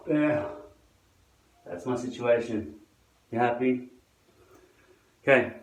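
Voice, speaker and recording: A man's voice: mid-range voice, slow, distant mic. Profane sardonic man in an echoey room. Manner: sardonic, profane, grumbling asides to viewers. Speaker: vlogger demonstrating a hairpiece. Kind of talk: casual how-to monologue to camera.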